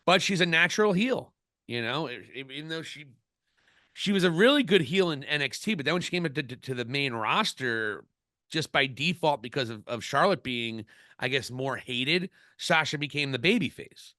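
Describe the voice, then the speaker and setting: Male podcast co-host, rambling and opinionated; bright tone, dry recording. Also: on the high side, animated, moderate pace, no room sound. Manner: opinionated, rambling, frequent restarts. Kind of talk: casual wrestling podcast chat.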